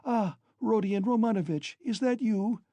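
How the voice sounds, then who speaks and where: Male reader doing a desperate consumptive mother, high and shrill, breathless rapid rants, dry close read. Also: animated, a little mellow, husky, dry recording. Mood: frantic, desperate. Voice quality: panting and coughing. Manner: rapid, frantic, shrill outbursts. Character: frantic, proud, consumptive impoverished mother. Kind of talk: audiobook character reading.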